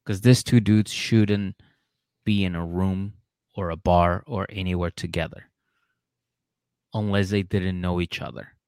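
A man's voice: deep voice, fairly even intonation, measured pace, long pauses, a little mellow, clean tone, no echo, studio quality. A man co-hosting a casual podcast who argues his point emphatically and repeats it. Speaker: podcast co-host. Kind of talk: casual chat recapping a reality show.

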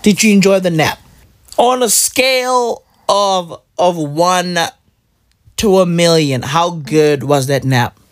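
Man, casual vlog chat, playful and teasing, unhurried delivery, dry close sound. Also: high voice, no echo.

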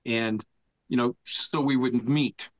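A man's voice: medium pitch, steady tone, takes it slowly, no echo. An older man from the United States, a podcast guest, telling a rambling, profane story in casual talk and laughing as he goes. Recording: dull lo-fi dry sound.

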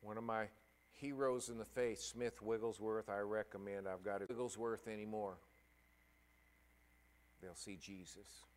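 A middle-aged man preaching a sermon and telling a personal story, halting and emotional, with many restarts. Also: lowish voice, steady tone.

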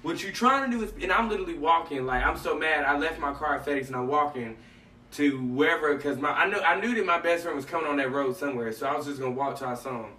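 A man's voice: fairly high pitch, fast. A man hosting a casual faith talk, telling stories animatedly and acting out what people said. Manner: animated storytelling, acts out dialogue. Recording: echoey room, mic at a distance, faint noise.

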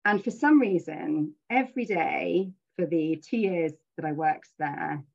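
Husky middle-aged woman, earnest webinar talk. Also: fairly low pitch, unhurried, highs cut off. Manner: earnest, reflective, with frequent fillers. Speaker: webinar speaker.

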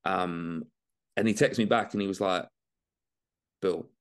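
A young Englishman chats easily on a podcast, his very deep voice sitting low the whole way through. He talks in a relaxed, loose way, peppering his talk with swearing and calling people mate. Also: measured pace, smooth. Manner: laid-back, swears freely, says mate and man. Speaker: bodybuilding guest. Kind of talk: casual podcast chat.

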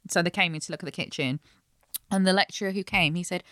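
A woman's voice: lowish voice, fast, a bit bright, dry recording, clean studio sound. A young adult woman, a chef and business owner, chatting earnestly in an interview and explaining at length. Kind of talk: casual interview chat.

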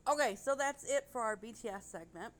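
A woman's voice: fairly high pitch, fairly quick. A woman co-hosting a casual podcast chat, rambling and gushing, with casual swearing. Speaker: podcast co-host.

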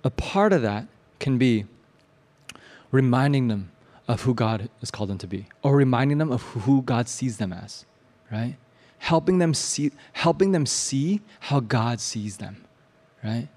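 A Midwestern American man preaches a sermon as casual, animated storytelling, often asking "right?" and using fillers. His voice is medium-pitched and unhurried, and the recording carries a long hall reverb.

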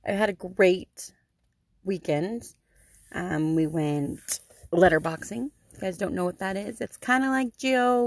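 A middle-aged woman hosting a podcast tells a story in a chatty way, full of ums and dry sarcasm. Her low voice has a gravelly fry, and the recording is dry and close, with no room sound around it.

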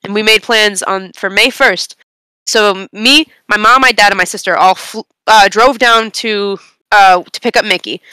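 A young woman on a casual podcast, telling a long story in an animated, rambling way with bursts of laughter. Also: medium pitch, unhurried, clean tone, dry recording. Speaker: podcast co-host.

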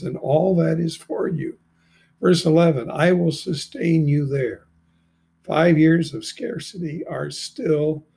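An older man in his seventies reads scripture aloud at an unhurried, deliberate pace and stops now and then to comment. His voice is gravelly and sits slightly high for a man. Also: warm tone. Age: 70s. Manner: slow, deliberate reading with brief asides. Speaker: Bible reader and commentator.

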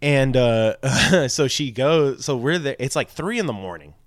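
A man's voice: medium pitch, unhurried, no room sound, clean studio sound. A man telling a long party story in casual chat, swearing often and acting out the people he quotes. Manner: profane, rambling, animated with quoted voices.

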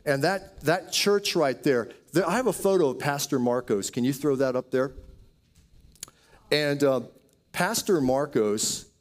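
A man's voice: on the high side, lively intonation, unhurried. A man preaching a sermon, telling healing stories in a storytelling way with quoted asides. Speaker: pastor. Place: church auditorium.

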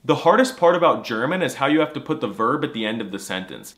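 A man doing a snarky comedy monologue, his pitch leaping up and down as he talks. He plays it mock-serious and over the top, with a scripted delivery. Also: very animated, fast, hardly any pauses, fairly bright tone. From United States. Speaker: comedy language creator.

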